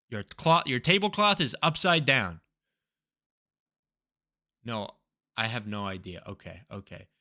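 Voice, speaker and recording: A young man streaming himself playing a geography guessing game, excitable and swearing freely, with loud outbursts. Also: medium pitch. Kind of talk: live-stream reaction commentary.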